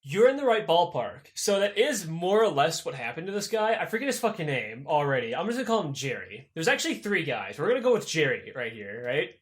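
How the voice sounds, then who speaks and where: A young man co-hosting a podcast, telling a history story in a casual, profane way and acting out the people in it. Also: on the high side. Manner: animated, profane, acts out characters in quick voices. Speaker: podcast co-host.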